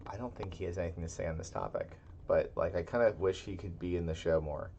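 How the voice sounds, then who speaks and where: A man's voice: sits low, quick pace, dark tone, muffled recording, slight background noise. A man co-hosting a casual tabletop gaming podcast, talking in rambling, self-interrupting chat. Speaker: podcast co-host.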